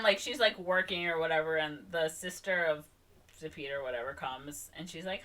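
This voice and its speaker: A young woman co-hosting a podcast, recapping a film in casual chat and acting out the characters' lines in quick voices. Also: on the low side, pushed and bright. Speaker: podcast co-host.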